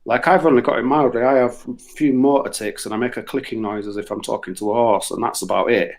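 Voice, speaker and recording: Fast-talking at medium pitch, a middle-aged man from Yorkshire fills a casual radio chat with crude, sweary anecdotes. He brings them to life with put-on voices.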